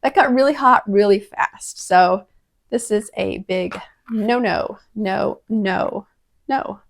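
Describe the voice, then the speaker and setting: A woman's voice: medium pitch, slow pace, gravelly. A woman casually testing kitchen gadgets at home, chatty and prone to dramatic exclamations. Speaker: product-testing vlogger. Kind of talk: casual kitchen product review.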